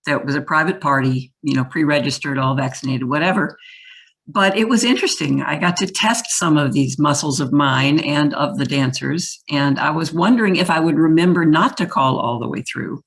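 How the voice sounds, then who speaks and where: A woman's voice: low-pitched, normal speed, slightly rough. A woman and dance caller on a video call panel, telling her story in a conversational way. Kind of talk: casual panel talk.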